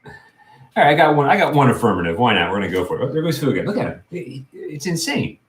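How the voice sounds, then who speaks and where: A man's voice: medium pitch, big pitch swings, quick pace. A man hosting a casual livestream, rambling and restarting as he chats with viewers and his cat. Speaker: livestream host.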